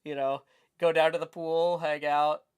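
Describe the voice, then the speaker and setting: A man's voice: a little high, level tone, unhurried, clear, resonant tone. A man with a Southern US accent chatting casually on his livestream as host, rambling with lots of fillers. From Tennessee. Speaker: streamer host.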